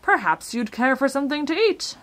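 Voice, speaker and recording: A woman's voice: high voice, big pitch swings, brisk, fairly bright tone, pitched above the performer's own voice. A woman voicing the Mathemagician, a pompous, impatient male magician who talks emphatically. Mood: insistent.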